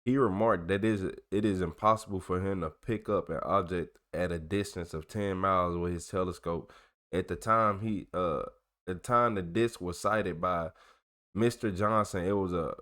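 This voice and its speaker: A man's voice: deep voice, a bit bright. A man hosting a channel, reading old documents aloud in a casual way, tripping over long words and breaking off for joking slang asides. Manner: stumbles over long words and corrects himself. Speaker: channel host.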